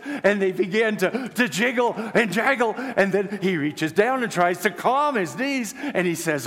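A man preaching a storytelling sermon, swinging between loud, excited passages and hushed, quiet ones. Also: sits high, measured pace, few pauses, slightly rough. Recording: long hall reverb.

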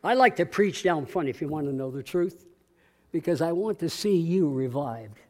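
Male pastor, higher-pitched voice, folksy call-and-response sermon in a church. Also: animated, moderate pace. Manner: conversational preaching with call-and-response, acting out dialogue. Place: church sanctuary.

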